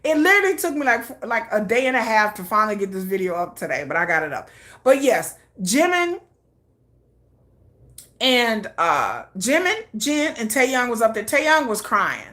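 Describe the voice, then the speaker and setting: A middle-aged woman hosting a casual K-pop news chat, chatty and excitable, often slipping into quick acted quotes. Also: fairly high pitch.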